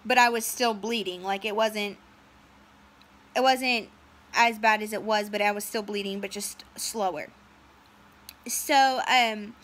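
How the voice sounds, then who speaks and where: Bright-voiced woman telling a rambling story. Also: fairly high pitch. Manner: rambling, many "um"s and "and so", quotes others in dialogue. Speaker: storyteller recounting a personal medical ordeal. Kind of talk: casual personal storytelling.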